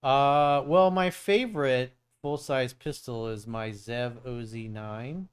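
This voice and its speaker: A man's voice: mid-range voice, slow, clear, resonant tone. A middle-aged man from South Florida hosting a casual live-stream Q&A, answering questions bluntly with plenty of swearing and stories. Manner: blunt, profane, storytelling. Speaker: dating coach and show host.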